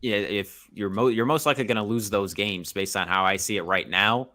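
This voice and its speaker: A man appearing as a guest on a sports podcast, talking in a measured way and thinking aloud with lots of fillers. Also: lowish voice, pushed and bright, no room sound, studio quality. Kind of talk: casual sports podcast chat.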